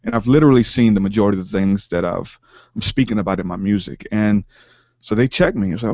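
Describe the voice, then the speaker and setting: Earnest low-voiced man, halting storyteller. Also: a little mellow, no echo, dull audio. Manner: earnest, halting, many fillers and restarts. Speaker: podcast guest, rapper. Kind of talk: storytelling in casual interview.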